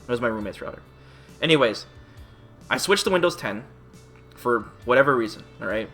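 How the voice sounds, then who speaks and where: A man's voice: medium pitch, fairly quick, faint music behind. A man telling a long exasperated story in a casual vlog, swearing often and acting out both sides of the conversation. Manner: animated, profane, exasperated storytelling. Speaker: streamer and YouTuber.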